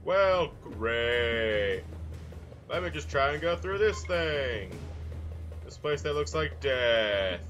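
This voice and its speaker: A man's voice: medium pitch, sing-song, takes it slowly, fairly bright tone, muffled recording, faint music behind. A young man casually commenting on his gameplay in a goofy way, full of silly mild exclamations. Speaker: gameplay video host. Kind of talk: casual let's-play commentary.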